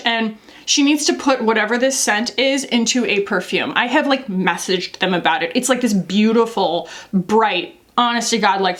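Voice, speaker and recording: A woman's voice: medium pitch, fairly bright tone. An American woman in her twenties or thirties, chatting candidly and casually through a makeup review with frequent laughs. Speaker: beauty vlogger.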